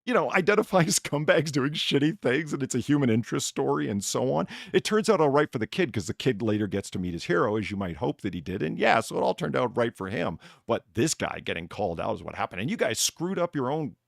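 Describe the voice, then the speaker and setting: A man hosting a casual chat stream, talking with a gravelly, raspy edge and a pitch that swings widely. He is animated and a little profane, and he acts out quoted lines as he goes. The sound is dry and close. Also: quick pace, hardly any pauses, no echo. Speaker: stream host.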